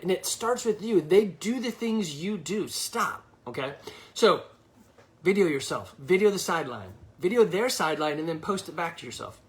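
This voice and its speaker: A man who coaches youth sports, giving blunt, animated advice to sports parents. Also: high-pitched, moderate pace. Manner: blunt, animated, lively delivery.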